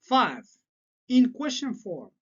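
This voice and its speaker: A man whose first language is French, teaching an English grammar lesson and laying out word-order patterns slowly and deliberately. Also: very high-pitched, sing-song, slightly rough. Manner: slow, deliberate explaining with repeated patterns. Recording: slightly dull lo-fi sound.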